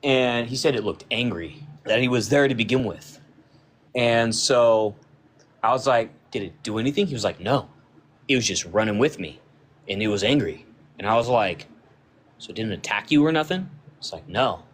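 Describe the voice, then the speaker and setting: A man of ordinary, mid-range pitch telling a story casually, in a loose, rambling way full of filler words. He slips into the voices of the people in the story as he goes. A faint hiss of noise sits under his voice. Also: moderate pace. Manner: retells a friend's encounter, acting out quoted dialogue; loose and conversational, with frequent "like" fillers.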